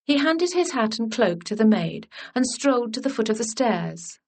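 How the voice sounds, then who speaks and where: A woman narrating a historical romance audiobook in a gentle, measured storytelling manner. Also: on the high side, big pitch swings.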